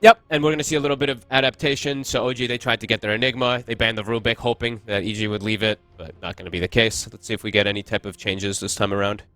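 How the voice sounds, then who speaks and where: A man's voice: fairly low pitch, steady tone, fast talker, few pauses, fairly bright tone, clean tone, no room sound. A man casting an esports match, chatty and analytical, thinking aloud as he breaks down the picks. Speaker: esports caster. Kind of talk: casual esports commentary.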